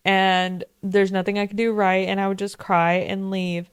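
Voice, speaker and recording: A woman's voice: medium pitch, level tone, moderate pace, clear, resonant tone, no echo. A young woman in her twenties casually recapping a TV episode, chatty and full of fillers, swearing freely. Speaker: vlogger.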